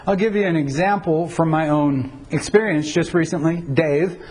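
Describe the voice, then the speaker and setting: Middle-aged man, pastor teaching, slightly raised pitch, wry, conversational, self-correcting. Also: normal speed, darkish tone, low-quality recording. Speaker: pastor teaching on Bible translation. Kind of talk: informal teaching talk.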